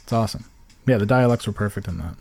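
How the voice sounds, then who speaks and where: A man's voice: fairly low pitch, fast talker, darkish tone. A young man, co-hosting a casual podcast chat, rambling and joking and slipping into put-on local voices. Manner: rambling, jokey, slips into put-on regional voices. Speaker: podcast co-host.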